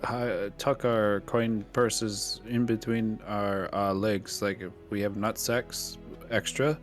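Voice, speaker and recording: Slightly low-voiced dude at a game table, rambly jokey talk. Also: male voice, little pitch movement, slow pace, soft background music. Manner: joking, rambling. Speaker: player.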